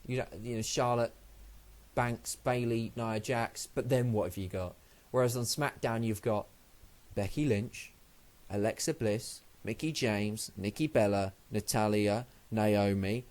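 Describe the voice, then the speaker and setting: Rambling, sweary man reviewing wrestling. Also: mid-range voice. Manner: rambling, sweary, loses his train of thought. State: sleepy, just woken up. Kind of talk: casual solo review vlog.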